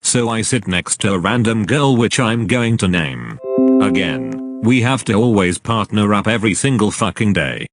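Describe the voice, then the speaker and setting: Angry, profane storytime narrator; lower male voice. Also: big pitch swings, moderate pace, over loud music.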